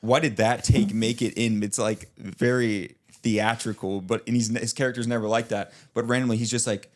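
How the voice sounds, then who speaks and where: A young man co-hosts a podcast in a fairly low voice with fairly even intonation and normal speed. The chat is casual and he rambles, restarting often, dropping plenty of filler "likes," and laughing a lot.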